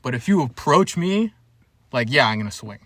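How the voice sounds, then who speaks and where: Bright-voiced young man, candid chat. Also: medium pitch, sing-song, normal speed, no echo. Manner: candid, rambling with many fillers. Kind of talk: casual chat.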